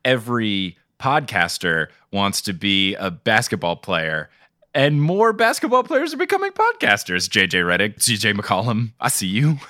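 Lively, playful male podcast co-host. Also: on the low side, dry recording, clean studio sound. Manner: playful, quick to laugh. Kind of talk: casual chat.

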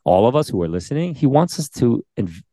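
A man co-hosting a casual faith podcast, excitable and animated, urging his listeners on. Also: medium pitch, fairly quick, dry recording, clean studio sound. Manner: animated, excitable, exhorting the audience. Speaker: podcast co-host.

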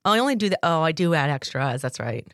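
A woman's voice: low-pitched, sing-song, dry recording. Agreeable woman co-host, dry sound. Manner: agreeable, chiming in with quick replies. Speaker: podcast co-host. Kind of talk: casual chat.

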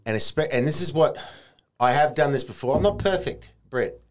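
An Australian man hosting a podcast, telling stories in a casual, animated way with plenty of colourful slang. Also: fairly high pitch, normal speed. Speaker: podcast host. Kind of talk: casual chat.

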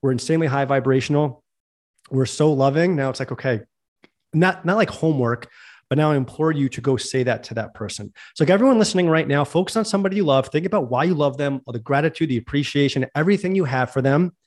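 A man's voice: fairly high pitch, fast talker, darkish tone. A man hosting a podcast, talking in an earnest, heartfelt, rambling way. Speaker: podcast host. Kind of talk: casual conversation.

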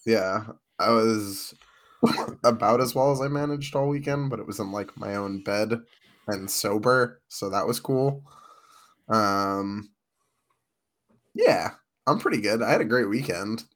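A tired man chats as a podcast co-host in an easygoing way, laughing often. His voice sits on the lower side. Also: a little slow, pauses often, a bit bright. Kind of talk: casual podcast chat.

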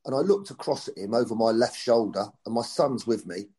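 A man's voice: medium pitch, animated, brisk, a little mellow. A middle-aged man, a football coach, telling anecdotes in a chatty interview. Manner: chatty anecdotal storytelling, acts out quotes. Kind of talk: storytelling interview.

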